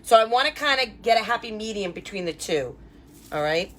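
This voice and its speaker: Brisk and a little high-pitched, she speaks with lively intonation and a fairly bright tone. She's a wreath designer hosting a chatty live craft session, calling out viewers by name, upbeat and loaded with fillers and asides.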